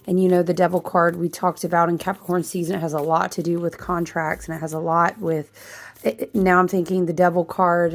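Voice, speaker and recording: A woman getting over a chest cold talks through a spiritual astrology chat, drifting from thought to thought. She stops to restart sentences and fills the gaps with "um" and "like". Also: medium pitch. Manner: rambling, stream-of-consciousness, with many fillers and restarts. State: recovering from a chest cold, occasional coughs. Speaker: astrology and tarot channel host. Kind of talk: casual spiritual monologue.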